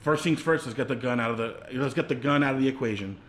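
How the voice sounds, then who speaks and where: A man's voice: mid-range voice, quick pace. Laid-back young man recapping a movie. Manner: relaxed, retelling scenes, swears. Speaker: podcast co-host.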